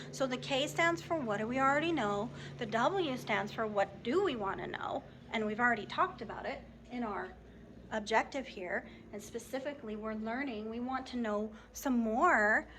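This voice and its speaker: A woman teacher giving a phonics lesson to young students, speaking slowly and enunciating each word clearly while praising and prompting the class. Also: a little high, noisy background. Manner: slow, clearly enunciated, encouraging teacher talk.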